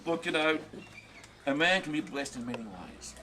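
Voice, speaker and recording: Brief: man in his sixties, rambling joker, speaking over a loud party crowd. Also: on the high side, expressive, moderate pace. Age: 60s. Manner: rambling, self-mocking, loose. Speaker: birthday man giving a speech. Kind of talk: party speech.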